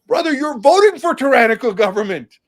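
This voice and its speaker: Fiery, high-voiced man talking politics. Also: a little fast. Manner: animated, sarcastic, combative. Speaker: political candidate, interview guest. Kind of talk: impassioned political interview talk.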